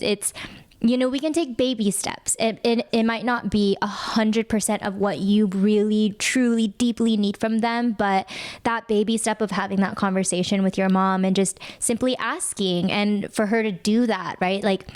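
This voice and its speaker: A woman's voice: medium pitch, steady tone, measured pace, clear, resonant tone. A woman co-hosting a podcast, chatting casually and effusively with lots of fillers. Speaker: podcast co-host. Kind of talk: casual chat.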